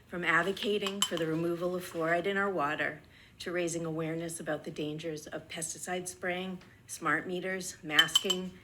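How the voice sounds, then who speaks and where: New lady giving public comment, bright sharp voice, bit breathless, faint room hum. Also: lowish voice. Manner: earnest, measured, deliberate pauses between list items. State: slightly out of breath. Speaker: resident speaking at public comment. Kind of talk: prepared public comment read aloud. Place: town board meeting room.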